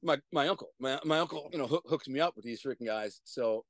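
A middle-aged man, a guest on a video-call interview, telling profane street stories in an animated way with sudden loud bursts. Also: mid-range voice, fairly quick, no room sound. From Detroit, USA. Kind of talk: casual storytelling.

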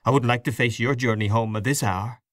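A man voicing a bright, teasing young woman with an arch manner in a storybook reading. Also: mid-range voice, steady tone, brisk, no echo, studio quality, close to an everyday voice.

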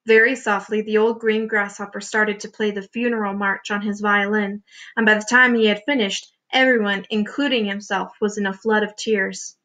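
A woman reading a chapter of a children's book aloud with expressive storytelling. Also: medium pitch, moderate pace. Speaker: reader.

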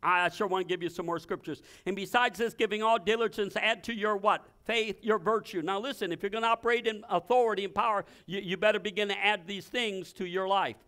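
High, bright-voiced preaching man. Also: fairly even intonation, a little fast, few pauses. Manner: emphatic preaching with sudden shouted commands; repeats phrases and restarts in bursts. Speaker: pastor. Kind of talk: sermon.

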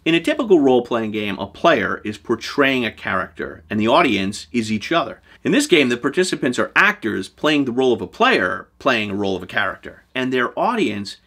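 Animated man teaching game mastering. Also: mid-range voice, fairly quick, hardly any pauses. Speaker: show host giving game master advice. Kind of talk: scripted talk to camera.

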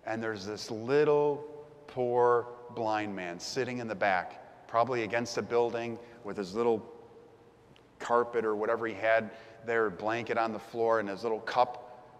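A man's voice: lowish voice, fairly even intonation, a little slow, clean tone, in a large hall. A man preaching a sermon as the pastor, telling the story vividly and acting out the crowd's voices.

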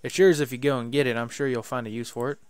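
A man's voice: steady tone, fast talker, clear, resonant tone, no room sound, lightly acted. A man voicing a grateful, folksy cactus man in a Western video game. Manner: folksy drawl, louder and higher than usual. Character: grateful friendly male cactus man in the Old West.

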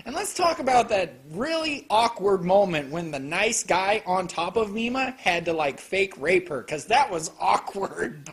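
Man reviewing anime, casual and profane, very lively pitch, joking asides. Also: unhurried. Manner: animated, swearing, joking asides.

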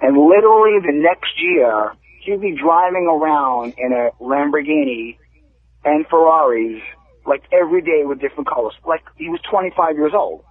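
A male caller on a radio show, explaining things quickly and casually, swearing now and then. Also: fairly high pitch, no echo. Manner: fast, explanatory, swearing freely. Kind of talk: casual phone-in chat. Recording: tinny phone line.

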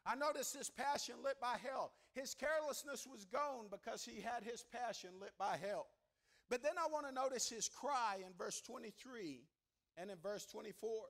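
A man preaching a fiery revival sermon in a church, building to shouted repeated lines and then dropping to a hushed, quiet delivery. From American South. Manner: climbs to shouting, repeats phrases, then drops low and quiet. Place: church sanctuary.

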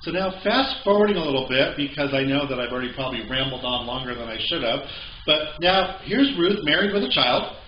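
A man's voice: medium pitch, lively intonation, a little fast, slight background noise. Chatty male pastor in echoey church. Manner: conversational with joking asides. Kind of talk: sermon. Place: church sanctuary. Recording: echoey, slightly dull church recording.

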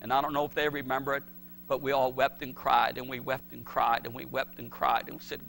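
A middle-aged man preaching a sermon, swinging from shouted pleas to hushed words. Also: mid-range voice, fairly even intonation, a little fast, vocal fry, slight background noise. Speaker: pastor.

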